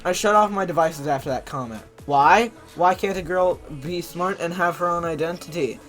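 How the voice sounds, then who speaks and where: A man's voice: a little high, normal speed, fairly bright tone. A man reading posts from the internet aloud and mocking them in a sarcastic, incredulous way, often laughing. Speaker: commentary YouTuber. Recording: faint background music.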